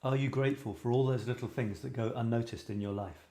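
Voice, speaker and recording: A man's voice: mid-range voice, fairly even intonation, fast, mellow. A British man hosting a live creative writing show, reading viewers' writing aloud and chatting in a rambling, self-deprecating way. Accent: British English. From Britain. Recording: roomy echo.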